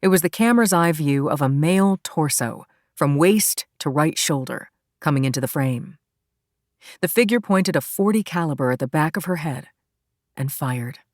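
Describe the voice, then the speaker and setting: Woman audiobook narrator, low voice, tense dramatic reading, dry close sound. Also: animated, moderate pace, darkish tone, no room sound. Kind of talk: scripted first-person thriller narration.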